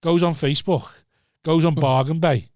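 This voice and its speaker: Comic, podcast storyteller, animated and sweary, dry close mic. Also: male voice, fairly high pitch, normal speed, dry recording. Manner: animated, swearing, acts out voices. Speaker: comedian.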